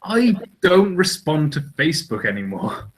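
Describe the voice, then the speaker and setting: A man's voice: a little high, sing-song, measured pace, poor audio. A man co-hosting a casual podcast chat, rambling and hesitant, often restarting his sentences. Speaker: podcast co-host.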